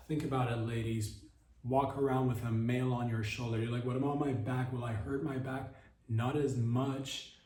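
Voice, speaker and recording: A man hosting a podcast, riffing through a deadpan comedic monologue that mimics a mock sales pitch. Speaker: podcast host. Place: podcast studio. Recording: roomy echo, voice far from the mic.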